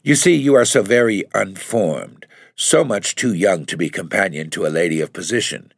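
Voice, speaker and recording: A man's voice: sits low, expressive, moderate pace, vocal fry, no echo, clean studio sound, exaggerated voice. A man reading aloud, voicing a haughty, severe woman who runs an employment agency in a storybook. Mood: cold. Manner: crushing, severe, condescending.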